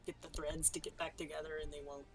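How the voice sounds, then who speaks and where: A woman playing a tabletop game, speaking quietly and hesitantly with fillers. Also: sits low, little pitch movement, fast talker, faint music behind. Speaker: player. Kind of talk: casual tabletop game talk.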